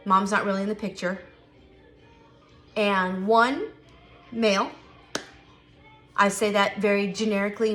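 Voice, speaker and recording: Bright-voiced woman talking candidly. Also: mid-range voice. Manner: candid, emphatic, repeats herself. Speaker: vlogger. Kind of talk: casual chat to camera.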